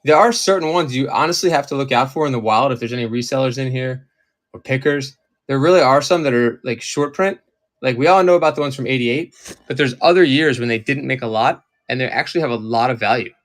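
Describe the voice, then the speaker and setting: A Maryland man hosts a live-stream collectibles auction, chatting casually with viewers while sorting through items. His voice is medium-pitched and his pace brisk.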